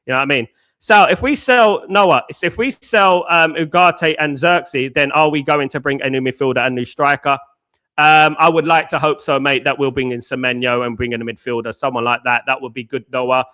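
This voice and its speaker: A man's voice: mid-range voice, normal speed, bright, forceful tone. A man hosting a live fan show, answering chat in casual slangy banter and firing off combative rhetorical questions. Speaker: host.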